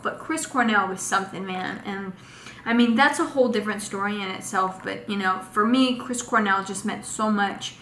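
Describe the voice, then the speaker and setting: Bright-voiced young woman telling a story. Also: medium pitch, normal speed. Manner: animated, acts out quotes with lots of fillers. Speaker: vlogger. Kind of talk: casual storytelling. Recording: echoey room with faint noise.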